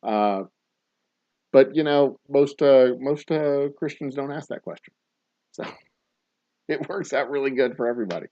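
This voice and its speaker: A man runs a casual bar trivia game, reading answers and drifting into jokey stories. His voice sits at a middling pitch. The sound is dry and dull, a bit lo-fi. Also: measured pace, long pauses, dark tone, no echo. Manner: jokey, rambling dad-joke storyteller. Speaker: trivia host. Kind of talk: casual live-stream trivia hosting.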